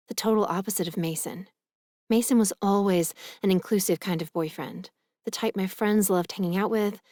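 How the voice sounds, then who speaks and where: A woman narrating a romance audiobook in the first person, earnest and gentle. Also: fairly low pitch, no echo, clean studio sound.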